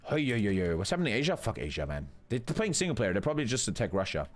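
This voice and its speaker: Excitable, profane young male game caster. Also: on the low side, rapid-fire, slight background noise. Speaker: streamer casting a multiplayer strategy game. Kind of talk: live game commentary.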